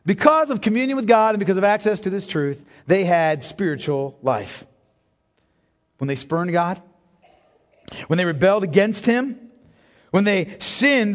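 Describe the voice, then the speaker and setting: A man preaching a sermon as pastor, impassioned, swinging from hushed tones to near-shouting and calling his listeners beloved. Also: high voice. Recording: long reverb of a large hall.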